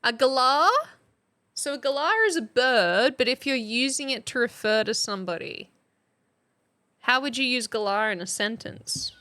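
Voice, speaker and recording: A woman's voice: on the high side, moderate pace, sharp tone. An Australian woman chatting casually on a live stream, quizzing her chat like a teacher. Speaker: substitute streamer.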